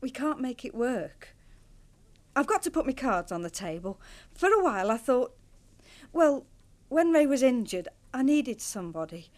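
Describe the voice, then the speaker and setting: A wife caught between loyalty and longing. Her voice sits high and swings widely as she pleads and hesitates, emotional but steady in intent. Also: moderate pace. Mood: wistful. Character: torn married woman ending an affair. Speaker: actor in a TV drama.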